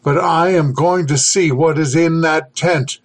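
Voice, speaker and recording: A man voicing a stubborn explorer who speaks gruffly and makes demands. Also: a little high, steady tone, measured pace. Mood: demanding. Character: stubborn, brusque male explorer.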